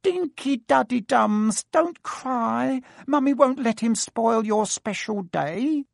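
A man voicing a fussy, shrill middle-aged woman who snaps and fusses in a high, sharp tone. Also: lively intonation, takes it slowly, vocal fry, no room sound, studio quality, exaggerated voice. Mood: frantic.

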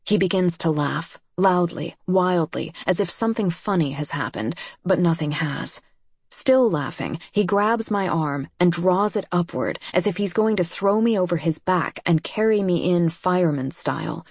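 A woman reads a first-person memoir in a low, husky, slightly breathy voice. Her delivery is measured and sober, never rushed. The recording is close and dry, with no room sound. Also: lively intonation, a little mellow, no echo. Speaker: audiobook narrator.

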